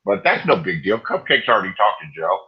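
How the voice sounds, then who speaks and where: A man's voice: low-pitched, very animated, fairly quick, husky. A middle-aged man in casual online chat, teasing and exclaiming, often repeating himself. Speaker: livestream commentator. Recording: slightly dull lo-fi stream audio.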